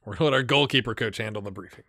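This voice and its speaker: A man's voice: lowish voice, rapid-fire, pushed and bright, dry recording, clean studio sound. A man giving casual, chatty commentary while streaming a management game, talking to himself as he plays.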